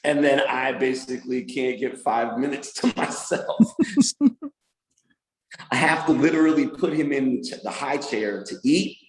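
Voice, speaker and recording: Animated man telling stories in an echoey room. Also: mid-range voice, a little slow. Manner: animated storyteller who does voices and laughs often. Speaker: podcast guest, music producer and manager. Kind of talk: casual interview chat.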